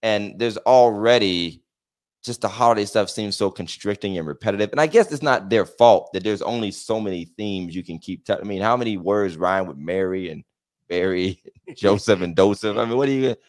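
A man co-hosting a casual podcast conversation, joking and animated, often breaking into laughter. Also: on the low side, normal speed. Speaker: podcast co-host. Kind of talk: casual chat.

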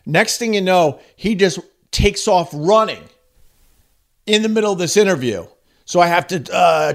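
Animated man telling a story. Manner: animated, acts out quoted voices with big pitch jumps. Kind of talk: storytelling anecdote.

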